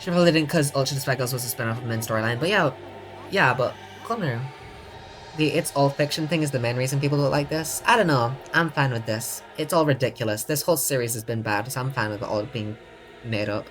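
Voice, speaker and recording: A young woman streaming a game, talking in a low voice and reacting with sarcastic, casual commentary. She swears freely and laughs a lot, with faint music underneath. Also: fast. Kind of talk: casual let's-play commentary.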